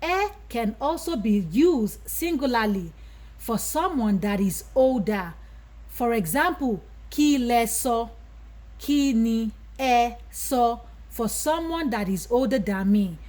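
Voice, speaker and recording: A woman's voice: a little high, animated, slow pace, a little mellow. A woman with a Yoruba accent, teaching a language lesson, who says each Yoruba word and then gives its English meaning. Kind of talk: slow vocabulary lesson.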